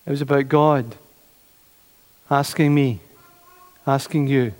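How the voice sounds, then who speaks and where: Pastor preaching in a reverberant church. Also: male voice, mid-range voice, takes it slowly. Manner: animated, repeats phrases, acts out voices of doubters. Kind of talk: sermon.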